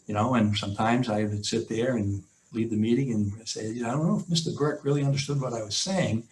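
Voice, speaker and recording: A man's voice: mid-range voice, brisk, darkish tone, slight background noise, poor audio. A man, a former football coach, telling a story in a seminar over a video call, in a conversational way with many fillers. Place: home office on a video call. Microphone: video call mic.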